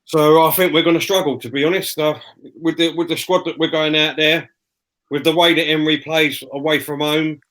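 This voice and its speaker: A man's voice: on the high side, fairly even intonation, a little fast, fairly bright tone, poor audio. A man speaking as a podcast guest, earnestly giving his frank, rambling take on his team. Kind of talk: casual football opinion.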